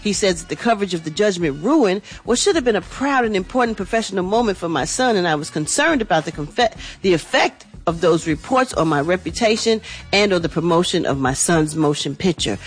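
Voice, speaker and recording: A woman's voice: on the low side, lively intonation, brisk, faint music behind. Chatty woman radio gossip host. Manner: chatty, casual, addresses listeners as y'all. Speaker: entertainment news host. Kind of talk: radio morning show gossip segment.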